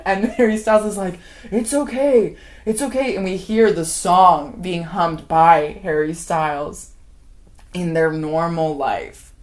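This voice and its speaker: A woman's voice: on the low side, steady tone, slow pace. A woman giving an unscripted, rambling movie recap, often laughing as she acts out scenes. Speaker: film commentator.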